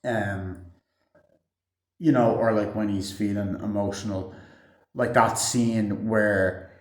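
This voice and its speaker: A man's voice: on the low side, steady tone, slow. A man giving a casual, rambling movie review, swearing freely and filling his talk with "like" and "um". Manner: rambling, heavy swearing, many fillers. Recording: roomy echo.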